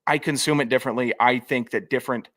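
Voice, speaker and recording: A man's voice: medium pitch, steady tone, quick pace, a bit bright. A young adult man co-hosting a casual sports podcast, joking and rambling with restarts. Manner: rambling, joking, self-correcting. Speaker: podcast co-host. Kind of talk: casual chat.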